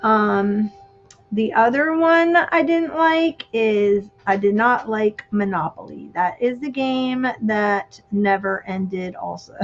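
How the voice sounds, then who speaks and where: A middle-aged woman with a mid-range voice talks slowly and casually while crafting on a livestream, reminiscing and letting her sentences trail off as she works. The stream audio is dull and lo-fi.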